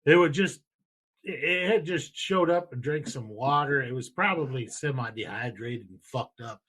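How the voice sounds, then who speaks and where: A man's voice: medium pitch, moderate pace, a bit bright, slightly rough. A man in his thirties hosting a podcast, telling a story in a loose, profane, rambling way. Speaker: podcast host. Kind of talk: casual storytelling.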